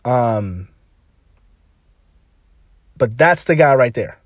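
A man's voice: mid-range voice, animated, extremely slow, no echo, studio quality. A man hosting a podcast, giving an emphatic, slangy motivational talk full of repeated punchy phrases. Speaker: podcast host.

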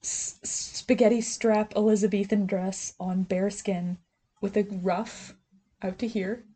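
A woman's voice: mid-range voice, fairly even intonation, slow, mellow, breathy edge. A young woman co-hosting a podcast, recapping a TV drama in a sarcastic, giggly, profane way. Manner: sarcastic, giggly, swears freely. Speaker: podcast co-host. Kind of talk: casual TV recap chat.

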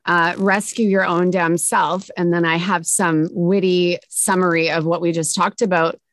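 A woman's voice: on the low side, level tone, normal speed, dry recording. A woman hosting a podcast, talking in an upbeat, sassy and emotional way. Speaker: podcast host. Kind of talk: casual chat.

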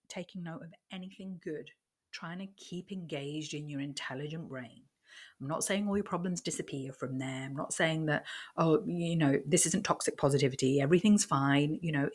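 A woman hosting her own podcast in a chatty, rambling way, talking fast with lots of fillers and restarts. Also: low voice, breathy edge. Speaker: podcast host. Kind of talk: casual solo podcast talk.

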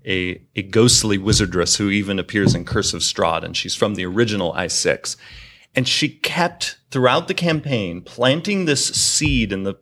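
A man who runs tabletop games, telling a campaign story in a measured, wry way. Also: on the low side, creaky, a bit bright. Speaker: game master telling table stories. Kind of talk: casual storytelling chat.

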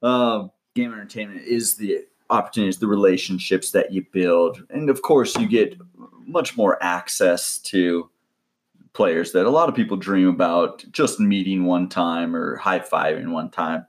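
A man's voice: low-pitched, unhurried. A man co-hosting a podcast, chatting casually and chiming in with short agreements before taking over to tell his own story. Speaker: podcast co-host, former team entertainment staff. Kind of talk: casual chat.

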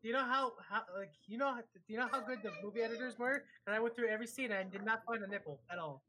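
Man, fast crude rambler, noisy background on his mic. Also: sits high, pushed and bright. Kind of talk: casual chat. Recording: background noise.

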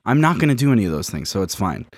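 A man's voice: fairly low pitch, sing-song, racing, no room sound, studio quality. A man in his twenties from Miami, co-hosting a podcast and telling a rambling, self-mocking story in casual chat. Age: 20s. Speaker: podcast co-host.

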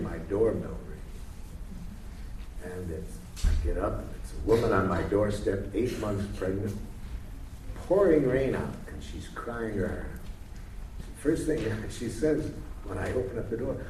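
A man leading a live workshop in a playful, deliberate, coaxing way, recorded in an echoey room from a distance. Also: fairly low pitch, dark tone. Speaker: workshop leader. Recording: echoey room from far off, faint noise.

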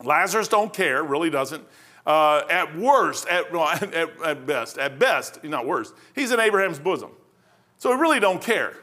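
Folksy high-voiced male pastor. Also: big pitch swings, unhurried, pushed and bright. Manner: rambling, folksy storytelling with many restarts. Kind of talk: sermon.

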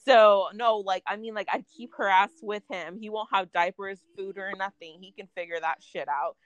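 A young woman vents her way through a story in relaxed conversation, full of filler words and blunt swearing. Her voice sits in a middle pitch. The sound is dry and close, with no room around it. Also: moderate pace, dry recording. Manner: animated venting, heavy filler words, swearing. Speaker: storyteller in a casual chat. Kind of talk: casual chat.

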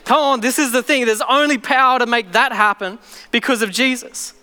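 A man preaches to a congregation, his voice high and bright with a smooth, clear ring. He tells stories with lively energy and slips into acted voices. The sound carries a long hall reverb with faint music behind. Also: normal speed. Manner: animated storytelling, acting out voices. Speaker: pastor. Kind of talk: sermon.

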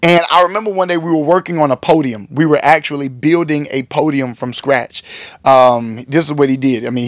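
A man who is a pastor, telling a personal story on his podcast in a candid, animated way, acting out what others said and calling his listeners y'all. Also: fairly high pitch, no room sound, clean studio sound.

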